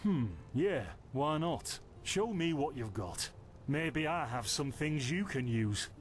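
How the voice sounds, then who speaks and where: This is voiced video game dialogue: a man with a Northern English, Yorkshire accent plays a bookish, sociable villager who explains matters with patience. He speaks slowly with a fairly high pitch and lively intonation, and a faint hiss or hum runs under the recording.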